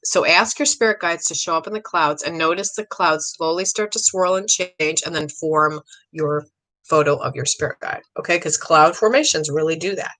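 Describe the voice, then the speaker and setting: A middle-aged woman hosting a live psychic reading stream, chatty and rambling, excitable, often clearing her throat. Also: low voice, normal speed, rough recording. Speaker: psychic medium host.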